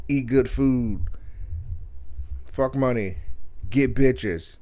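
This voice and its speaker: A young man hosting a podcast, telling a profane story in an animated, loud rant full of cursing and mimicked voices. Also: medium pitch, extremely slow. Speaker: podcast host.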